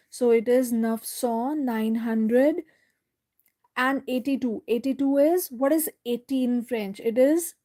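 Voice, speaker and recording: Slow, patient woman teaching French. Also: on the high side, mellow. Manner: slow, explains step by step, repeats words; checks in with "right?" often. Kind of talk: live online language lesson.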